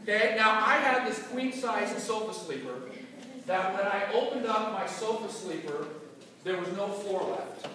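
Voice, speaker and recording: A man giving a motivational talk to an audience, telling a personal story in an animated, emotional way. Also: high voice, moderate pace, a little hiss or hum. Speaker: motivational business speaker. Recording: echoey hall from far off.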